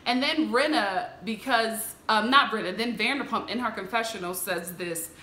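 A woman hosting a show recap chats casually in a bright voice at normal speed, recorded in an echoey room. She is animated and mimics the people she recaps in a higher voice.

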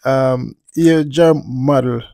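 A man with a lilt talks through the news in an easy, meandering way, looping back on his points. His voice sits at an ordinary middle pitch. The recording is dry and close, with no room sound. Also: steady tone, slow, mellow, no echo. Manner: laid-back, drifting, repeats "you see me". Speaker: channel host and commentator. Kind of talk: casual commentary vlog.

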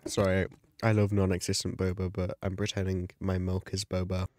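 A man giving casual gameplay commentary as a YouTuber, chatty and excitable, gasping and yelping at the game. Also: deep voice, normal speed. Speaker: gaming YouTuber.

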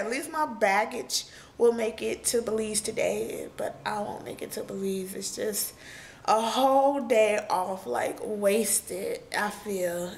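A woman's voice: mid-range voice, a little hiss or hum. A young woman vlogger telling a story in casual chat, tearful and laughing through it, still crying as she talks.

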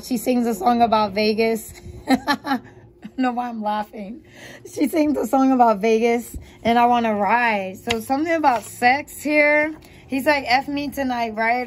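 Chatty, giggly woman, slightly high voice, reading tarot cards over faint background noise. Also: darkish tone. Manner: chatty, thinking aloud, giggly. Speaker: tarot reader.

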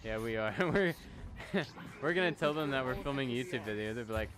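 A man's voice: medium pitch, expressive, fairly quick, crowd noise. A young man hosting a VR gameplay video, playful and jokey, laughing often as he talks. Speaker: gaming YouTuber host. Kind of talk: excited gameplay commentary. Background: background music.

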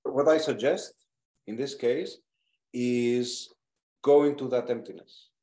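A man's voice: mid-range voice, slow, warm tone. A man leading a therapy session, speaking directly and animatedly, swearing now and then for emphasis. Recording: echoey room.

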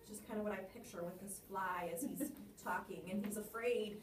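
A woman's voice: mid-range voice, a little fast, few pauses, echoey room, recorded from a distance, a little hiss or hum. A woman teacher coaching a student on reciting a poem, encouraging and asking guiding questions.

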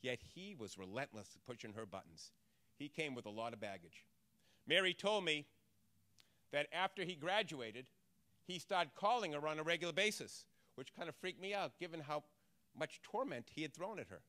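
A man giving a motivational talk as a trainer, telling stories in an animated way and acting out voices. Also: on the high side, moderate pace. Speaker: trainer and speaker.

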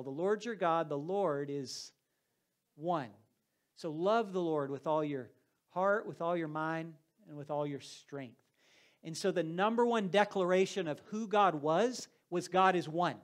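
A man preaching a sermon in a conversational, folksy way, speaking to a live audience. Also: high-pitched. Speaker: campus ministry preacher.

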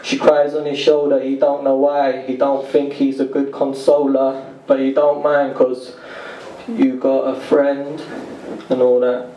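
A man performing spoken word poetry with a deadpan, rhythmic storytelling delivery. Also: medium pitch, unhurried. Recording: echoey live room, distant mic, noisy.

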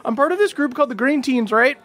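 A man's voice: very high voice, animated, fast, a bit bright, voice pushed up. A man voicing a nervous young male halfling scoutmaster who stammers and rambles anxiously.

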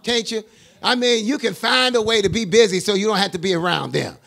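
An older man, a bishop, preaching a sermon into a handheld mic in a church with call-and-response, often rising to a shout. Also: high-pitched, fairly quick, creaky.

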